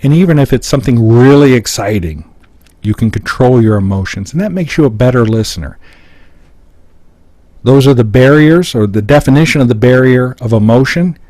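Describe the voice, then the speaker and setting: A man's voice: mid-range voice, lively intonation, normal speed, a little mellow, dry recording. A middle-aged American man giving a live seminar, explaining points on his slides step by step. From United States. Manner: explanatory, walks through points on a screen. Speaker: seminar speaker.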